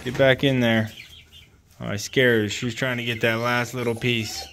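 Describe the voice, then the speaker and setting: A man's voice: mid-range voice, normal speed, vocal fry, background noise. Laid-back man chatting in a chicken coop. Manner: relaxed and chatty, talks gently to his dog and chickens. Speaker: homesteading vlogger. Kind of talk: casual vlog narration. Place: chicken coop on a rural property.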